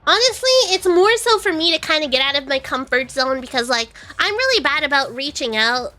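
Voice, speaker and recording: Casting note: young woman streamer, high and bright, rambling and self-deprecating chat, soft music behind. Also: animated, fairly quick. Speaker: VTuber streamer.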